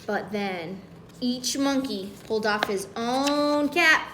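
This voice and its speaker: A woman reads a children's story aloud at a slow, gentle pace. Her voice sits somewhat high, and she keeps it playful, pausing to ask the children what they think. A faint hiss of noise runs underneath. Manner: addresses children with questions, playful.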